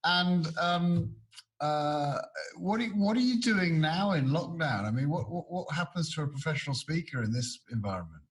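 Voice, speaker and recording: A man's voice: a little high, lively intonation, normal speed. A middle-aged man hosting a podcast, asking questions in a casual, hesitant way over a video call. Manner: hesitant, frequent restarts and laughs. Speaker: podcast host. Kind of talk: casual interview.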